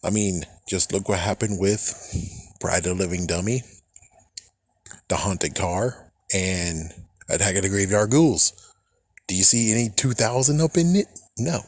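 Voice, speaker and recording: A young man ranting about books in a casual, rambling way, excitable and swearing often, mocking imagined critics in quick put-on voices. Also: low voice, no room sound. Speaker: book fan vlogger. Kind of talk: casual rant.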